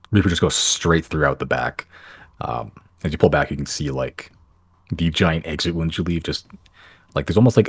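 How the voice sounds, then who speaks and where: A man's voice: very deep voice, slightly rough, dry recording. A man narrating a tabletop game as game master, loosely describing the action with lots of fillers.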